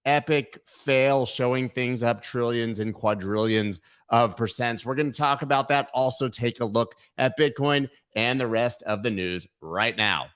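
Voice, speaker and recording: A man hosts a live news stream and chats casually with his viewers. He jokes and riffs on silly bits as he talks. His voice sits at a middling pitch, and he talks into a webcam. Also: unhurried, few pauses, fairly bright tone, clear, resonant tone. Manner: jokey and playful, riffing on silly bits. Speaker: host of a crypto news livestream. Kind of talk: casual livestream chat. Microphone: webcam framing, sitting at camera.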